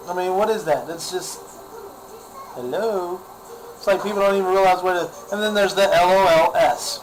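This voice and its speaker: A man's voice: high-pitched, normal speed, a little hiss or hum, low-quality recording. A man ranting in a casual vlog, exasperated and sarcastic, often repeating himself. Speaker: vlogger.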